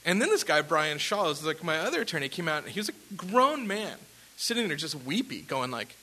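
A man's voice: fairly high pitch, a little fast, low-quality recording. A man casually telling a rambling personal story as a musician, with lots of fillers and restarts. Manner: rambling, animated, with fillers and laughs.

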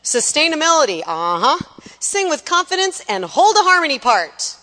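A woman coaching worship singers in a lively teaching talk, now and then singing a short line or mimicking someone. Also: high-pitched, normal speed, big-room sound. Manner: animated, sings short demonstration lines, mimics people.

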